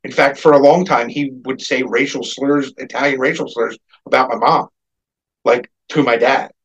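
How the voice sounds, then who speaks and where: A man tells a long, rambling story on a casual podcast, swearing freely and lifting his voice whenever he quotes someone. His voice is husky and slightly breathy. The recording sounds dull and lo-fi. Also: medium pitch, moderate pace. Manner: rambling, profane, animated when quoting people. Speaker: podcast co-host.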